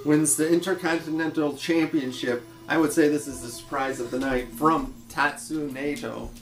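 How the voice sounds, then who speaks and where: Male podcast co-host, slow and even, roomy sound, faint music behind. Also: a little high. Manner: steady recapping of results, laughs along. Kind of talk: casual wrestling recap.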